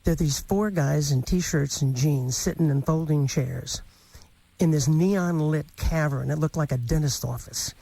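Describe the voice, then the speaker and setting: A man's voice: a little high, measured pace, gravelly, warm tone, dry recording. A man in his fifties hosting a morning radio show, chatting and telling stories with a self-mocking, laughing manner. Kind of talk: casual radio chat and storytelling. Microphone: studio microphone.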